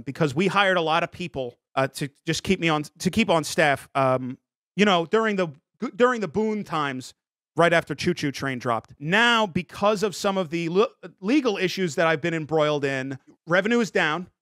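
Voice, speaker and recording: Playing a streamer caught up in scandal, a young man improvises a comedy bit, defensively rambling and restarting amid apologies. His voice is fairly high-pitched and a bit bright, and the studio-quality audio has no room sound.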